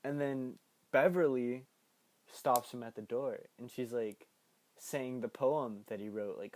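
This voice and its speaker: A man's voice: medium pitch, measured pace, a little mellow. A young man hosting a podcast, casually retelling a film's plot with a playful, laughing manner and sudden jumps into quoted voices. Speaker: podcast host recapping a film. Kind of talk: casual movie recap.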